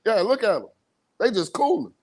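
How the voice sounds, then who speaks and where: A man co-hosts a relaxed reaction chat, telling his partner where to skip and pointing out what is happening on screen. His voice sits slightly above the usual male range. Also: high voice, normal speed. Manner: directing the playback, explaining events. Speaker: co-host reacting to a video.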